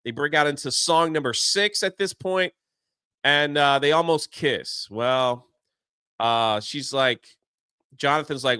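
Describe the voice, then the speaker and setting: Bright, high-voiced man recapping animatedly. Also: clean tone, dry recording, clean studio sound. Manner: animated retelling, acting out characters' lines in quick put-on voices. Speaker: show host. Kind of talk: casual movie recap chat.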